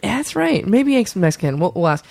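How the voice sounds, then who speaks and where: A man's voice: high-pitched, very animated, moderate pace, vocal fry, a little mellow, no echo, full character voice. Doctor John, a giggly rambling midwife host, played by a man. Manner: giggly, rambling, keeps going off topic. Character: goofy self-important male midwife doctor host. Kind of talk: improvised comedy podcast.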